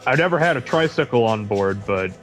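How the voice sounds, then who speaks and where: A man's voice: medium pitch, lively intonation, a little fast, soft background music. A man co-hosting a casual gaming chat, laid-back, swearing and chuckling through his stories. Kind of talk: casual chat over gameplay.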